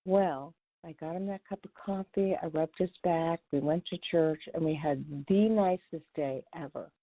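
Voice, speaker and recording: A woman who is a recovery coach and radio host, telling a personal story in an earnest, conversational way that gets animated when she retells it. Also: deep voice, unhurried. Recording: tinny phone-line radio audio, dry.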